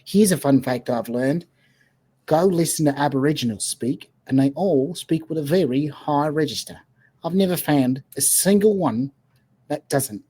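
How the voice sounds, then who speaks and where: Male co-host with a mellow, husky voice; quick, teasing banter. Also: a little high. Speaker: stream co-host. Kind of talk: casual chat.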